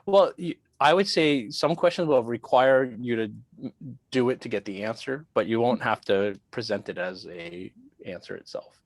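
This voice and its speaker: A man's voice: medium pitch, moderate pace, dry recording. A man lecturing on biology in an online class, working through quiz questions and thinking aloud in a chatty way.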